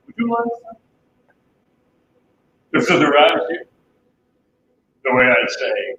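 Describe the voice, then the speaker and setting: A man's voice: medium pitch, sing-song, a little slow, long pauses, distant mic. Melodramatic man in an improv scene. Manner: melodramatic, theatrical. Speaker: improv performer. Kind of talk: improv scene over video call. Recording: dull echoey room with noise.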